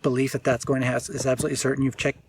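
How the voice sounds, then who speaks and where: A man, a spiritual teacher, giving an unscripted reflective talk, often pausing and restarting as he searches for words. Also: mid-range voice, flat delivery, slight background noise.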